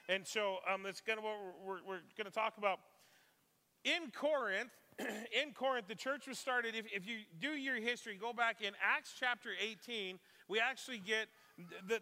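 A pastor preaches a sermon in a church sanctuary, speaking conversationally and putting questions to the congregation. His high voice is bright and forceful, echoing through a large hall.

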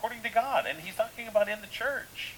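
A man's voice: high voice, animated, fast, a bit bright, a little hiss or hum, rough recording. A man preaching a sermon in a casual, conversational way, full of rhetorical questions and restarts. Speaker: pastor.

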